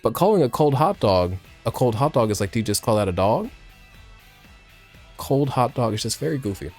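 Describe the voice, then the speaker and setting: A man's voice: mid-range voice, very animated, brisk, darkish tone, faint music behind. A man giving crude, joking commentary while playing a video game. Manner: jokey, crude, rambling asides. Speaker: let's play streamer. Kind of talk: casual gameplay commentary.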